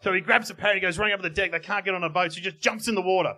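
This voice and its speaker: A man's voice: sits high, fairly even intonation, rapid-fire, pushed and bright. A man co-hosting a live comedy podcast in a pub, rambling and laughing as he tells jokes. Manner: rambling joke-telling, laughs often. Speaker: co-host. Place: pub in front of a live audience.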